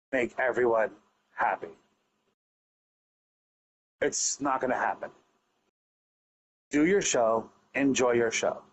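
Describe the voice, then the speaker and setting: A man's voice: medium pitch, a little hiss or hum. Emphatic man ranting on a lo-fi call. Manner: earnest, emphatic, rambling with restarts. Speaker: guest, online wrestling league promoter. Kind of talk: casual podcast chat.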